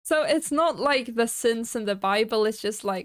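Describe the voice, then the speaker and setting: A woman's voice: a little high, normal speed, few pauses, dry recording. A woman streamer in casual live-stream chat, chatty and giggly, laughing often as she rambles and answers her viewers.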